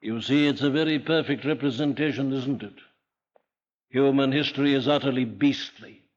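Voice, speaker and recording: A man's voice: mid-range voice, normal speed. An older man from Wales with a Welsh accent, preaching an emphatic sermon full of rhetorical questions. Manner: emphatic, rhetorical questions, rising to forceful declarations. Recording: dull lo-fi archival sermon recording.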